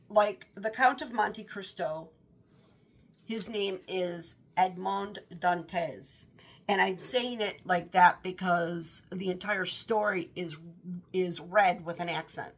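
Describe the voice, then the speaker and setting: A woman chats through a casual book review at an unhurried pace. Her voice sits slightly low. She rambles and often stops to rephrase herself mid-thought. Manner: rambling, self-correcting with fillers.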